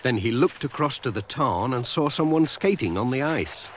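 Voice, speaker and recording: A man narrating a children's cartoon in a gentle, measured storybook style. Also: medium pitch, lively intonation, a little hiss or hum.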